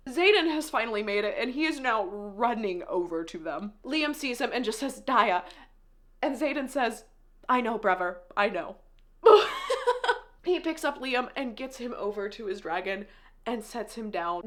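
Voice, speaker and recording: A woman's voice: medium pitch, a bit bright. A woman casually recapping a novel's plot, emotional and tearful as she tells it. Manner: emotional, tearful retelling with laughs. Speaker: book reviewer recapping a novel.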